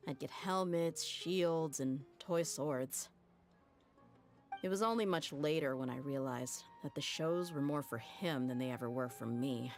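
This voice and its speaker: A woman's voice: sits low, a little slow. An actress playing a tough young woman who leads a desert mercenary band, blunt and matter-of-fact. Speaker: game character in a played cutscene. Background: faint game music.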